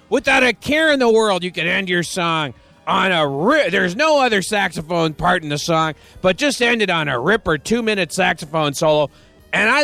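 A man's voice: high voice, creaky, pushed and bright, dry recording. A man hosting a radio music show, talking in a playful, rambling, jokey way between songs. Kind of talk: casual radio DJ patter. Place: radio studio.

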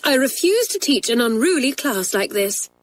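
A woman's voice: on the high side, very animated, normal speed, no room sound, pitched above the performer's own voice. A woman reading aloud and voicing an upset teacher who speaks with strained dignity. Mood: dignified. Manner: dignified but near tears.

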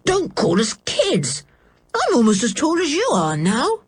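A stubborn, gloomy tomboy girl with a raised, sulky voice that rises in protest, as a woman reading aloud puts her on. The voice is slightly husky. This storybook reading is recorded close and dry. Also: high-pitched, huge pitch swings, a little slow, no echo, pitched above the performer's own voice, full character voice. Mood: indignant.

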